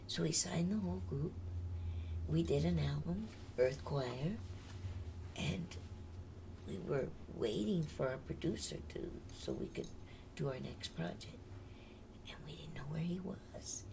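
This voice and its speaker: A woman's voice: deep voice, a little slow, creaky, long pauses, background noise. An older woman, a singer, telling her life story in a candid, chatty interview and laughing often.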